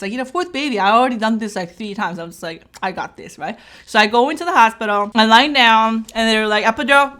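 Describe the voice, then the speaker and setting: A woman in her thirties, a mother of four, telling an animated birth story in a casual vlog and acting out the voices. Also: medium pitch. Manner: animated storytelling, acting out her own shouts and others' lines. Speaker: vlogger. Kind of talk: storytime while eating.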